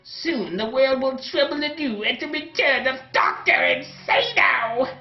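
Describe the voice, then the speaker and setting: Screechy evil scientist yelling threats, faint music behind. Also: male voice, extremely high pitch, lively intonation, unhurried, creaky, voice pushed up, full character voice. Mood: maniacal gloating. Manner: shouting maniacal boasts. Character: cackling mad scientist villain, male adult. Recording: roomy, dull sound, faint music.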